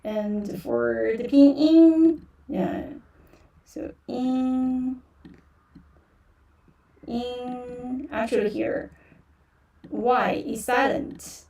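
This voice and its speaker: A woman's voice: on the high side, drawn-out words, gravelly, pauses often, warm tone, recorded from a distance, dull audio. A woman teaching beginner on a livestream, patiently repeating words and tones with many fillers; is her language. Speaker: Mandarin teacher.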